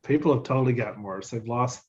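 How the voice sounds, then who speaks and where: A man's voice: mid-range voice, fast talker, a little mellow. Man, co-host, dry humor, dull muffled recording. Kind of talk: casual chat.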